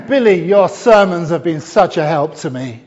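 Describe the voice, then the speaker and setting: A middle-aged man preaching a sermon in a church, telling stories and often pausing with fillers and restarts. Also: a little high, expressive, a little hiss or hum. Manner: warm storytelling with frequent fillers and restarts. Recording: dull sound with long hall reverb.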